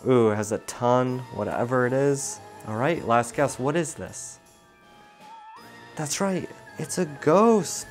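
A man's voice: medium pitch, slow, soft background music. A man teaching toddlers a puzzle and simple sums, patient and encouraging, asking questions as he goes. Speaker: children's educator.

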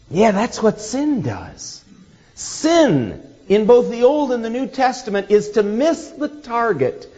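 A man preaching a sermon, acting out the voices he quotes along the way. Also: high voice. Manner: expressive, acts out quoted voices with laughter. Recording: dull hall reverb.

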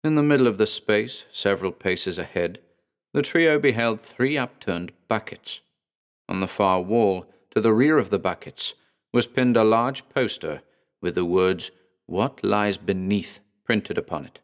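A man reading a horror story aloud in a measured, deliberate storytelling manner. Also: on the low side, lively intonation. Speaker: narrator and author. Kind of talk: scripted horror narration.

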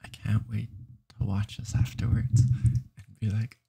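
A woman's voice: extremely low pitch, little pitch movement, unhurried, gravelly, mellow, breathy edge. A woman streaming, chatting casually and playfully trying ASMR, often trailing off and restarting.

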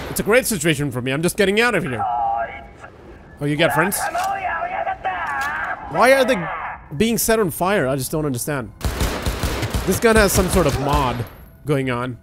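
A man giving excitable, profane, joking commentary while playing a video game. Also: fairly high pitch, moderate pace, long pauses, music in the background. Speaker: gaming video host. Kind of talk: let's play commentary.

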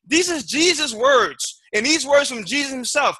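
High, forceful man pressing a debate point. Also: expressive, normal speed, no echo, studio quality. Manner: emphatic, stacks rhetorical questions, repeats words when pressing a point. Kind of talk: timed debate rebuttal.

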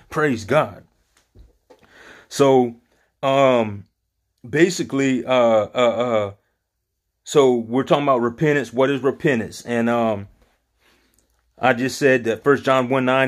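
A man's voice: mid-range voice, takes it slowly, pauses often. A man leading an informal Bible study, talking earnestly in a rambling way and often searching for his words.

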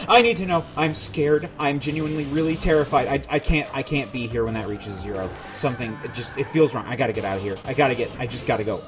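A man with a high voice talks through a game he is playing, confused and jittery. He laughs nervously to himself and jumps into high, panicked shouting when something spooks him. Faint music plays under his voice. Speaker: gamer playing a demo. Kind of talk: let's play commentary.

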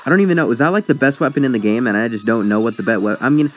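A man's voice: mid-range voice, animated, racing. A young man commenting casually on his online match, rambling and sidetracked, joking at his own expense. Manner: rambling, self-mocking, easily sidetracked. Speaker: gaming YouTuber. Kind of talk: casual let's-play commentary.

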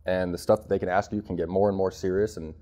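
A man in his thirties from Arizona rattles off his story at a quick clip, his voice low and dark. He talks blunt and streetwise, dropping "bro" and "you know" everywhere as an interview guest. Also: little pitch movement. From Arizona, United States. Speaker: guest, former prisoner. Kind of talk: candid interview talk.

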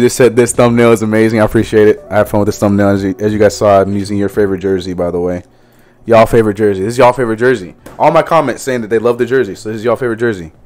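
Chatty man greeting his stream chat. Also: fairly low pitch. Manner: greets chat viewers by name, repeats phrases. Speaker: livestreamer. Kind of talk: casual livestream chat.

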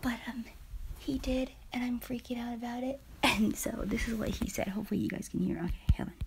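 A woman vlogging casually to her viewers, gushing and starstruck, often slipping into a breathy half-whisper. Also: fairly high pitch, a little fast, background noise. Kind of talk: casual vlog to camera.

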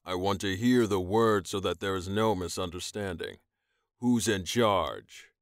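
Man doing huge alien master, deep, slow, commanding, dry close sound. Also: no room sound. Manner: slow, low, firmly in control. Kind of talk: audiobook character voice.

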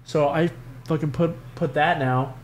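A man's voice: fairly high pitch, steady tone, a little slow, a little hiss or hum. A young man co-hosting a podcast, chatting casually, rambling with lots of fillers and swearing. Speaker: podcast co-host. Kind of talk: casual chat.

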